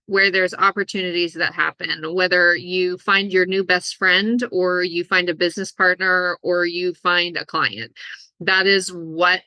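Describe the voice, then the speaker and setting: A woman's voice: fairly low pitch, sharp tone, dry recording, low-quality recording. A woman guest on a podcast stating her purpose emphatically. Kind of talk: casual chat.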